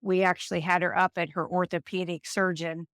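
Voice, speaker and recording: A woman in her fifties, a nurse, telling stories in an interview and acting out the people she quotes in an animated way. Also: fairly low pitch, brisk, no room sound, studio quality. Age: 50s. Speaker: nurse and guest. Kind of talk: storytelling interview.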